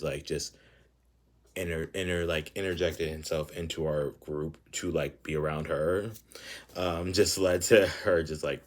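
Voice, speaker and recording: A young man telling a personal story in a casual, animated way, full of fillers and swearing. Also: low voice. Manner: animated, filler-heavy, profane ranting.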